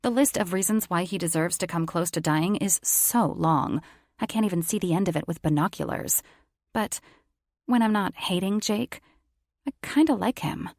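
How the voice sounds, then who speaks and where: Wry woman narrating a romance, gravelly tone. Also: fairly low pitch, moderate pace, a little mellow, no echo, clean studio sound. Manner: wry, confiding inner voice. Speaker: audiobook narrator. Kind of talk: first-person romance audiobook narration.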